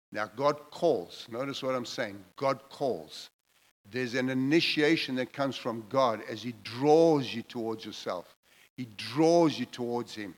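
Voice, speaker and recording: A man's voice: medium pitch, poor audio. A man preaching a sermon, emphatic and repetitive, building his phrases in intensity as he goes.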